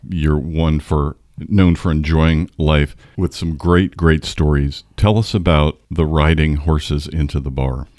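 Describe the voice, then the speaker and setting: Low-voiced interviewer guy, dry close sound, friendly questions. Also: steady tone, a little slow, hardly any pauses, darkish tone, no echo.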